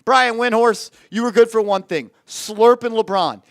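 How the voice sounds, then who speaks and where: A man with a high, smooth, clear voice hosts a sports talk show. He rants bluntly and with heat, and he swears freely. The recording is dry and close, with no room sound. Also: unhurried, no room sound. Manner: heated, blunt ranting with swearing. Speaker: host.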